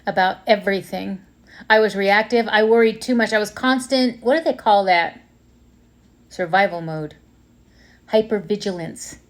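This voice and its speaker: A woman in her fifties talking candidly and emotionally in a personal reflective monologue, pausing and restarting as she goes. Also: medium pitch. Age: 50s. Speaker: vlogger.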